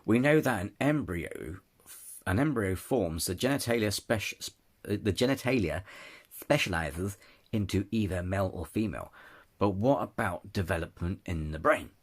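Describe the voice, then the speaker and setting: Husky, ranting man. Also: low-pitched, lively intonation, normal speed. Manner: ranting, frequent restarts and apologies. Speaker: channel host. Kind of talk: casual opinion rant to camera.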